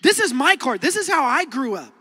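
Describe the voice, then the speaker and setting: A man in his thirties with an Oklahoman accent, preaching a sermon as a lively storyteller who acts out quotes and laughs often. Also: extremely high pitch, brisk. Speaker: pastor. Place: large church hall. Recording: long hall reverb.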